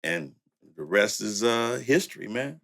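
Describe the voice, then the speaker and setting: An older man with a low voice spins a laid-back story about his studio days. He laughs often, leans on "you know," and talks like an old friend. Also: expressive, a little slow, a bit bright. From Louisiana and San Francisco. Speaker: music producer and studio owner. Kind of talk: storytelling in casual conversation.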